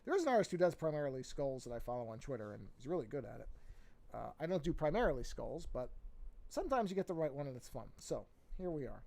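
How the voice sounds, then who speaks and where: Streaming his drawing session, this artist in his forties rambles and self-corrects with casual asides, yawning as he grows sleepy. His medium-pitched voice swings widely, moves at a quick pace, and carries vocal fry with a warm tone.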